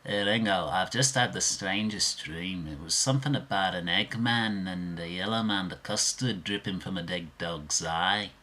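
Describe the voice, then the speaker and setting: A man impersonating a dreamy 1960s rock musician, in a slow drawl. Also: low-pitched, bright, forceful tone.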